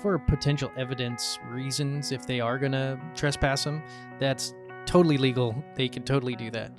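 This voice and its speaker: A man's voice: mid-range voice, fairly even intonation, normal speed, music in the background. A man in his thirties hosting a solo podcast, talking loosely and rambling with fillers and the odd swear word. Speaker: podcast host. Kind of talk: casual solo podcast talk.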